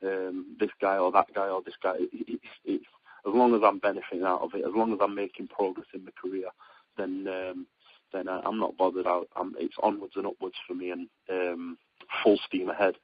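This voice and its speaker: A young man from Britain speaks in a husky, slightly low voice, rambling through his answers with plenty of ums and restarts. The sound is dull and lo-fi, like an interview heard over a radio line. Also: brisk. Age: young adult. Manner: rambling, many fillers and restarts, excitable when storytelling. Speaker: boxer being interviewed. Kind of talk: casual phone interview.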